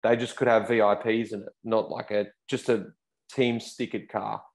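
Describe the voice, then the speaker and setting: Man, thirties, low voice, casual storytelling, animated quoted lines. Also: normal speed, creaky. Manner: animated, acts out quotes in raised voice. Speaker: podcast guest, pro cyclist.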